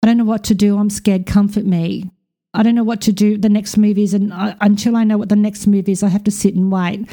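A woman's voice: medium pitch, fast talker. A woman, a podcast host and spiritual coach, talking casually and bluntly with frequent swearing. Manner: blunt, swears freely, animated asides.

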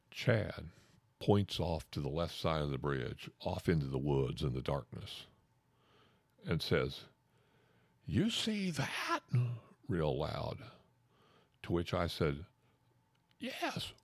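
A man, telling a folksy ghost story in an animated way, repeating words and acting out the shouts. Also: extremely low pitch, vocal fry, no room sound. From Oklahoma.

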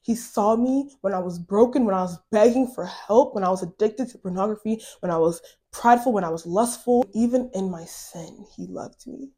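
A woman's voice: medium pitch, a little fast, hardly any pauses, warm tone. Woman podcast host, earnest and casual, sharing a personal testimony with a loose, chatty delivery. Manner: casual, earnest, many fillers like "like".

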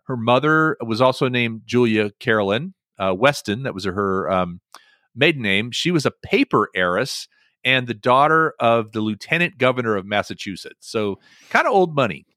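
A male podcast host telling stories in a lively way. His pitch rises and falls a lot, and his tone is bright and forward. The sound is dry and close to the mic. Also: normal speed, no echo. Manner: animated storytelling with many fillers. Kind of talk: casual chat podcast.

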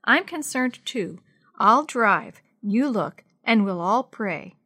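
Storybook: reassuring middle-aged dad, calm and firm, bright tone read by a woman. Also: mid-range voice, slow pace, full character voice. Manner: calm, reassuring, gives orders. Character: kind steady father, middle-aged man.

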